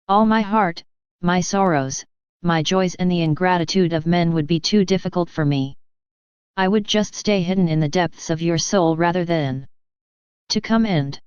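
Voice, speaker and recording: A woman reading the lines of Jesus as a gentle, loving divine speaker, slow and solemn, in a devotional reading. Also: on the low side, clean tone, no echo, lightly acted. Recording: dull lo-fi dry recording.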